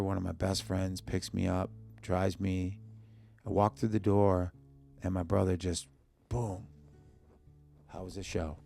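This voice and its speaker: A man with a very deep, gravelly voice tells a personal story as a guest in a podcast studio. He talks in short bursts, acting out the lines of the people in his story, and his rough low tone sits close to a studio mic. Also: darkish tone. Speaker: musician guest. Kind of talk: emotional personal storytelling in an interview.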